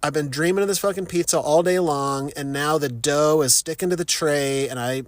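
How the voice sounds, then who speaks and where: A middle-aged man casually telling a story, profane and animated, mocking himself and laughing often. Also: on the high side, moderate pace, no echo. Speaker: vlogger.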